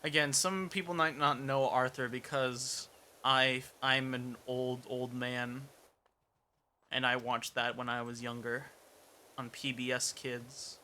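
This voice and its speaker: A young man talks his way through a livestream in loose, rambling chat, joking at his own expense. His voice is bright and his pitch sits in the middle, with a faint hum in the background. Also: little pitch movement, slow. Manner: rambling and self-mocking, mutters while playing. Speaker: streamer. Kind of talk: casual gameplay chat.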